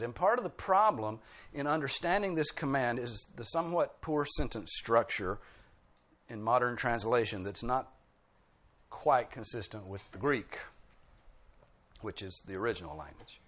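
A man's voice: mid-range voice, expressive, normal speed, fairly bright tone. A man preaching a sermon, explaining points like a teacher and punching key words with dry humorous asides.

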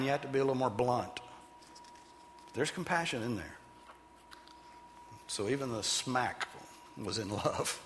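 A man preaching a sermon as pastor, animated and emphatic, sometimes putting on loud voices for the people he quotes. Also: mid-range voice, normal speed, pauses often, in a large hall, a little hiss or hum.

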